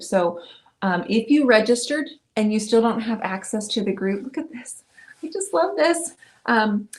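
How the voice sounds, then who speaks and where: A chatty, upbeat middle-aged woman hosts a live painting stream. She talks through each brushstroke in a casual, friendly way, her voice sitting in an ordinary middle pitch.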